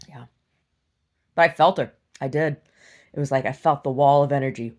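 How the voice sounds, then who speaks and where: A young adult woman telling a story in a casual, animated vlog rant, laughing and swinging between loud outbursts and hushed asides. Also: extremely low pitch, moderate pace. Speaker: vlogger.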